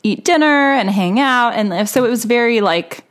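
A woman's voice: a little high, moderate pace. A woman co-hosting a podcast in casual, enthusiastic chat, often saying "like". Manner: lively, enthusiastic, frequent "like". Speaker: podcast co-host.

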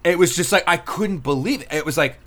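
A man's voice: on the high side, a little fast. A young man who covers football as a reporter, chatting casually on a live show and telling a press box story with lots of fillers, acting out what people said. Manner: animated storytelling, acts out quotes with rising excitement. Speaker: sports beat reporter. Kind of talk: casual podcast chat.

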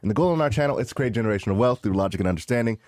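A man's voice: fairly low pitch, lively intonation, very fast, darkish tone, no echo, studio quality. A man hosting a casual podcast, laid-back and rambling with lots of fillers. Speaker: podcast host.

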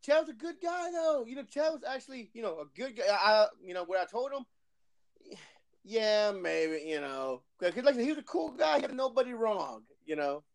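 A man co-hosting an online chat, rambling in halting, profane phrases. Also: very high-pitched, sing-song, creaky, no echo. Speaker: podcast co-host. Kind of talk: casual chat. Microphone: online voice call.

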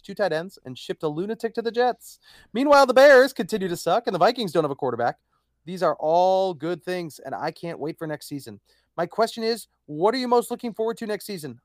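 A man's voice: high-pitched, dry recording, clean studio sound. A man co-hosting a sports podcast, reading listener questions aloud. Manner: reads listener letters aloud. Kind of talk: casual sports podcast chat.

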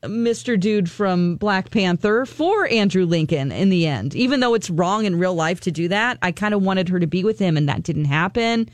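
A woman co-hosting a casual podcast, talking in a chatty, animated way with lots of exclamations. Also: mid-range voice, moderate pace, hardly any pauses, no room sound. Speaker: podcast co-host. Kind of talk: casual chat.

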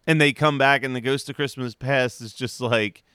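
A man's voice: medium pitch, steady tone, normal speed, pushed and bright, smooth, dry recording, clean studio sound. A man co-hosting a podcast, casually and animatedly recapping an episode, swearing and acting out characters' lines. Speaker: podcast co-host.

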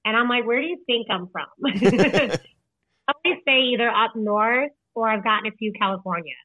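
A woman's voice: fairly high pitch, moderate pace, pushed and bright, no room sound. A young woman from Illinois, a podcast guest and author, chatting casually and saying "like" a lot. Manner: chatty, laughs often, says "like" a lot. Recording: tinny phone-like line, dry.

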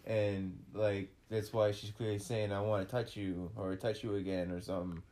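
A woman's voice: a bass voice, little pitch movement, normal speed, warm tone. A woman co-hosting a podcast, speaking bluntly, swearing and joking in casual chat. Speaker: podcast co-host.

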